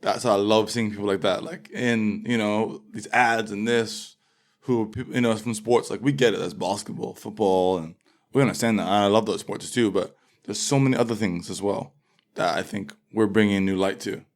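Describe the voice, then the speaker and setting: A man's voice: lowish voice, fairly even intonation, normal speed. A man from England, the guest in a casual interview, talking in a laid-back, rambling way with lots of fillers.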